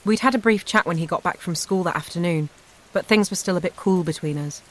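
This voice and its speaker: A woman narrating a first-person memoir audiobook in an even, measured storytelling manner. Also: on the low side.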